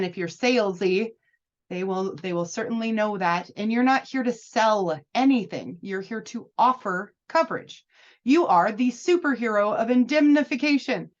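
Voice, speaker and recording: A woman coaching new insurance agents in a chatty, upbeat and encouraging way. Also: medium pitch. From United States. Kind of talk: casual advice talk. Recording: slightly dull lo-fi audio.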